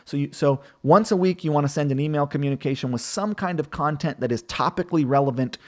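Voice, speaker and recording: Hosting a live stream, this man fields viewer questions on marketing in a relaxed, chatty way full of filler words. His voice is fairly high and he speaks at a quick pace.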